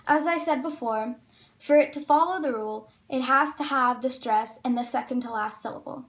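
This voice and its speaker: A woman explaining a lesson, slowing down carefully on each example word. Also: high voice. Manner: careful, slows down on example words.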